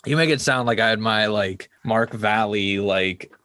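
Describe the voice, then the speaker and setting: A man co-hosting a podcast in casual chat, wry and quick to laugh, with lots of "like". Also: on the low side, bright, forceful tone, no room sound, clean studio sound. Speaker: podcast co-host.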